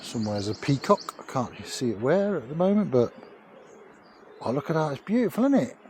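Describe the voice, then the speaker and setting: A man's voice: medium pitch, big pitch swings, a little fast, over loud music. A man vlogging casually outdoors on a cycling trip, chatty and jokey, swearing freely, recorded on a handheld camera. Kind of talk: casual travel vlog.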